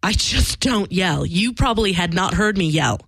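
A woman with a slightly low voice tells a personal story in a candid, emphatic way, swearing freely and acting out quoted dialogue. The recording is dry and close, with no room sound. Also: animated, normal speed, a bit bright, breathy edge, no echo.

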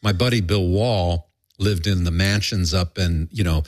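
A man's voice: low voice, measured pace, no echo. An older man telling rambling anecdotes in a casual podcast chat, acting out the quotes. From Southern California. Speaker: podcast guest storyteller.

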